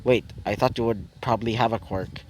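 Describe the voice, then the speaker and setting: A man's voice: fairly low pitch, steady tone, fairly quick, a little mellow, pitched below the performer's own voice, lightly acted. Man voicing a casual, friendly young woman; everyday delivery. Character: friendly young woman, inventor's daughter, chatty.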